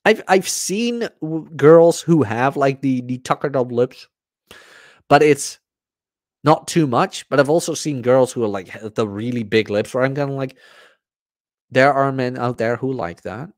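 A man's voice: mid-range voice, a little slow, no room sound, studio quality. A man hosting a podcast, talking in a casual, blunt and profane monologue. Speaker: podcast host.

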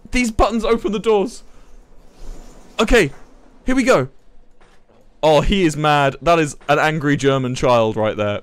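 A young man, commentating a live game stream in a flustered, excitable way, swearing and laughing. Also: fairly high pitch, a little slow, pauses often. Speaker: livestreamer.

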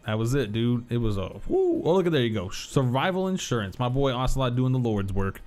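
With big swings in pitch around a mid-range voice, this thirtysomething gamer talks a little fast with few pauses and a slightly mellow tone. He rambles through stories, curses casually, and laughs readily while streaming, faint music playing behind him.

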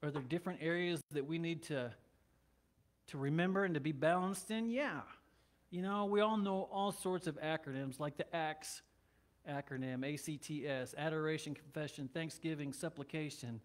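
A man's voice: on the high side, normal speed. A man preaching a sermon as pastor of a church, talking in a conversational way with joking asides.

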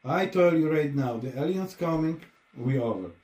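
A man's voice: a little high, expressive, moderate pace, a little mellow. Podcast co-host, man, blunt and profane, roomy echo. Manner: blunt, swears a lot, broken English grammar. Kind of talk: casual chat. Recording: echoey room.

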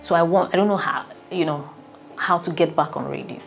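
A Nigerian woman coach tells a story from her own life in a lively, expressive way, often laughing and acting out the people she quotes. Her voice sits on the lower side for a woman. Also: fairly quick, vocal fry, soft background music. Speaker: relationship coach. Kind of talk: personal storytelling.

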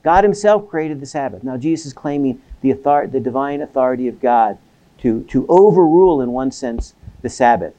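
A man's voice: mid-range voice, expressive, brisk, mellow. A man giving a seminary lecture on the Bible. He asks questions and answers them himself, and keeps checking in with his listeners with "right?".

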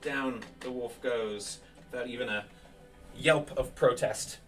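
A man's voice: medium pitch, slow pace, soft background music. Man running a tabletop game from a distance. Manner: relaxed, with frequent fillers. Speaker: game master.

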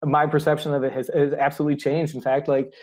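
Fast-talking, animated teacher man. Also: on the high side. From United States. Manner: animated storyteller, laughs often, acts out quotes. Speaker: high school German teacher, guest. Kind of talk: casual interview conversation.

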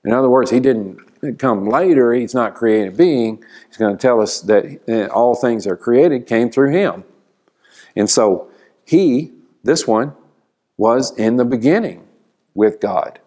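A man teaching a church Bible class, explaining slowly and asking the class questions. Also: medium pitch, expressive, mellow.

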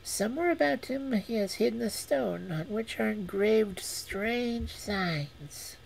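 A woman voicing a clever female cat in a read-aloud fairy tale, courteous and measured with a sly edge. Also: on the high side, animated, gravelly, darkish tone, slight background noise, pitched above the performer's own voice, exaggerated voice, rough recording. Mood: instructing. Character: clever polite female cat, calm and cunning.

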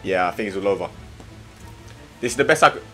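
A young man commentates his gameplay with lots of slang. His mid-pitched voice leaps all over the place, from low mutters to sudden yells, over faint background music. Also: fast talker. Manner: excitable, slangy, swings from mumbling to shouting. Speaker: gaming streamer. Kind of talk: let's play commentary.

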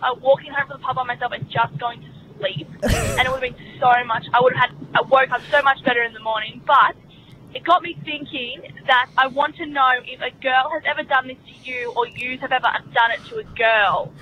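Bright chatty young woman. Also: high voice, fairly even intonation, a little fast, slight background noise, poor audio. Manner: chatty, storytelling, exasperated. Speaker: caller.

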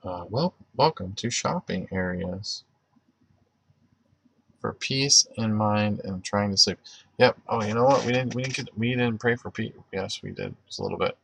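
A man's voice: on the low side, normal speed, creaky, slightly rough, dry recording. A man hosting a casual faith livestream, chatting loosely with many fillers and restarts, and praying aloud for viewers. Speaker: livestream host. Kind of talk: casual livestream chat with prayer.

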